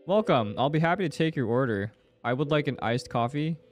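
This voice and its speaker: A man's voice: fairly high pitch, lively intonation, brisk, faint music behind. Jumpy young male gaming streamer. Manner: jumpy, swears and laughs at scares, reads game lines aloud. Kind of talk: horror game let's play commentary.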